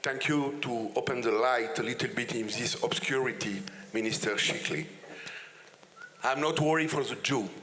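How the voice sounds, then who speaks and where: A man speaking English as a second language with a strong French accent, giving an impassioned, halting speech on a conference panel. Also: medium pitch, bright, forceful tone, a little hiss or hum.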